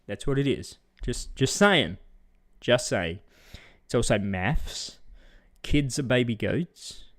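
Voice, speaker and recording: This middle-aged Australian vlogger takes it slowly but speaks expressively as he bluntly rants about the way people react to words. Casual in tone, he mocks others by putting on high voices.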